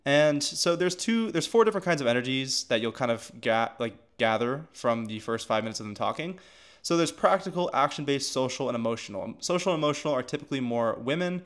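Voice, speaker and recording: A man's voice: medium pitch, expressive, brisk. A man casually teaching how to run sales calls, talking loosely with lots of filler words and restarts. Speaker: agency coach.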